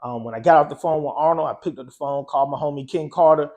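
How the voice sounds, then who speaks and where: A man with a high-pitched speaking voice recounts a story as a guest on an interview show. His delivery is loose and conversational, with frequent "you know" and "um" as he talks. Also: fast talker, darkish tone, slight background noise. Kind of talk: casual storytelling.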